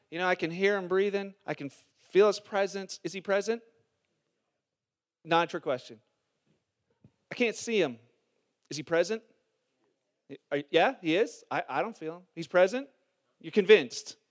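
A man with a strikingly high voice preaches to his congregation in church. He talks in a lively, conversational way, asking the room questions and telling humorous family stories. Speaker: pastor. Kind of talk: sermon. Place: church hall before a congregation.

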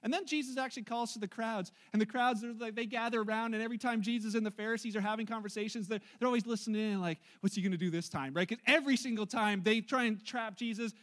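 A male pastor delivering a sermon at a church service, telling the story in a chatty, joking way. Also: high voice.

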